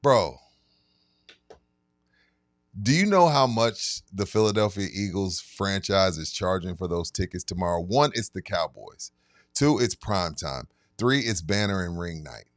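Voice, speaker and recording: A man's voice: sits low, animated, a little slow, no room sound, studio quality. A man co-hosting a sports podcast, ranting in an emphatic, heated way. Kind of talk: casual sports chat.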